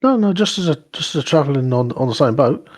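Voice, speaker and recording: A man's voice: on the high side, lively intonation, fast, darkish tone, slight background noise. A man playing a tabletop game, chatting casually and talking in character. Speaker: player. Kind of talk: casual play and in-character talk.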